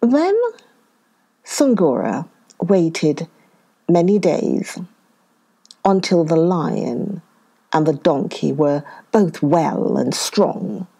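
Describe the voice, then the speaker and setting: A woman telling a children's story, reading at a very slow, careful pace. Her voice is dark and mellow, and her pitch moves a lot as she gives each sentence its shape. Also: animated, creaky, breathy edge.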